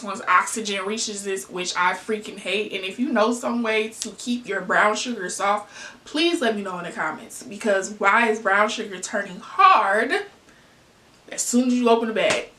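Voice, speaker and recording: With a pushed, bright voice of medium pitch, a Southern US woman from Arkansas/Tennessee talks through a get-to-know-me vlog, fielding her own questions with asides and fillers. The room is echoey and the mic sits some distance away.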